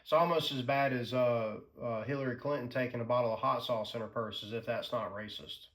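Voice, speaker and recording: A man talks casually at a middle pitch. His delivery is plain conversation peppered with dismissive, sarcastic asides. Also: fairly even intonation, a little fast, fairly bright tone. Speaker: commentary host. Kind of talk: casual commentary chat.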